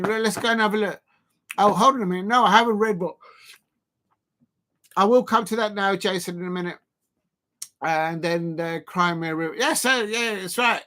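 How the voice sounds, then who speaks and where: A fan channel host with a high, pushed, bright voice runs a live fan stream at normal speed. He trades mocking banter and breaks into chants, sung snippets and jeering noises.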